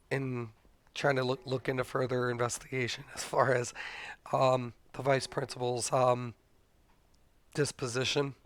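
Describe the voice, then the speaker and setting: A middle-aged man and father, casually telling a story to his stream in a blunt, animated way, swearing freely. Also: mid-range voice, clean tone.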